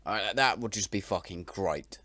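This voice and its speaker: A man's voice: low voice, measured pace, dry recording. A man hosting a reaction video, making crude, mocking jokes and stumbling over his words. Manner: mocking, stammering, bursts into loud laughter. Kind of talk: profane comedic reaction commentary.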